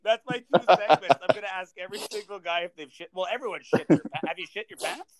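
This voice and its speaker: A man's voice: high-pitched, fast talker, a crowd in the background. A man hosting a podcast in casual chat, swearing and laughing as he rambles through stories. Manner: crude, laughing, rambling storyteller. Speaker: podcast host.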